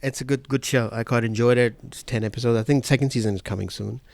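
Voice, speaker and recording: A man's voice: mid-range voice, steady tone, fast, gravelly, a little mellow, no echo. A man in a casual podcast chat, reacting briefly, teasing and restarting his sentences. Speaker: podcast co-host.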